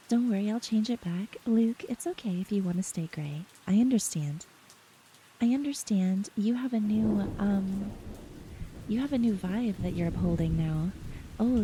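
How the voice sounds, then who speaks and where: A woman streamer chatting softly and giggling often as she greets her chat, close to the mic with faint rain behind. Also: medium pitch, noisy background. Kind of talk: soft-spoken live-stream chat. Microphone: close ASMR microphone.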